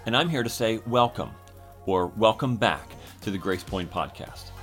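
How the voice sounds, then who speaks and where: A man's voice: fairly low pitch, expressive, moderate pace, soft background music. A man, the church's communications pastor, giving a scripted welcome at the start of a church podcast.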